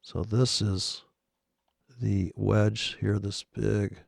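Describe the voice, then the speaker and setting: A man's voice: on the low side, flat delivery, extremely slow, creaky, darkish tone, dry recording, clean studio sound. A man rambling sarcastically and profanely in casual chat about trading over charts. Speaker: trading commentator.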